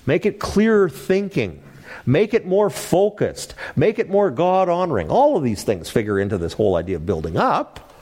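Male Bible study teacher, animated delivery, engages the class with questions. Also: on the high side, moderate pace, slightly rough. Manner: animated, asks the class questions, laughs lightly. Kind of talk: interactive Bible class lecture.

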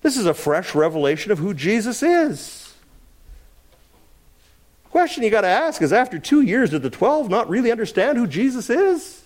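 A middle-aged man preaching an expository sermon, swinging between loud emphasis and quiet asides. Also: sits high, big pitch swings, normal speed. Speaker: pastor.

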